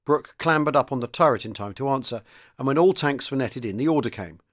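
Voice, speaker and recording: A podcast host reads a chapter of a wartime novel aloud in audiobook style, giving the characters light voices. His voice is mid-range and his delivery brisk.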